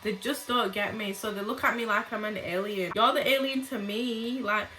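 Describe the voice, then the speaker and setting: A young woman with a bright, forceful voice tells storytime tales straight to her viewers. She swears freely and keeps up blunt, chatty asides. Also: mid-range voice, steady tone, moderate pace, a little hiss or hum, poor audio. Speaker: vlogger. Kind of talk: casual storytime monologue.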